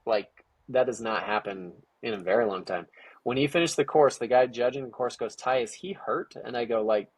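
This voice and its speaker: Interview guest, male, husky and dry-recorded, casual animated storyteller. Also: medium pitch, brisk, no room sound. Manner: animated, acts out quoted dialogue with many "like" fillers. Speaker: guest, parent of a young ninja athlete.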